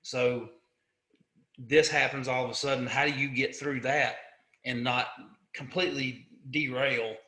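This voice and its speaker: Podcast host, man, mid-range and forceful voice, roomy echo. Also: mid-range voice, fairly even intonation, measured pace. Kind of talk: casual interview.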